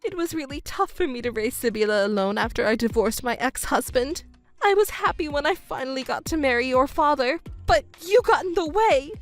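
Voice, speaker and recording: A woman's voice: sits high, lively intonation, brisk, faint music behind. A woman voicing a scheming, self-pitying middle-aged stepmother in a texting story, wailing and stammering indignantly. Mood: bitter.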